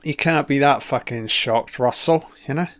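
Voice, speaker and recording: A man's voice: medium pitch, normal speed, a bit bright, no echo. A man giving a casual first-watch film commentary, reacting with profane, sarcastic remarks.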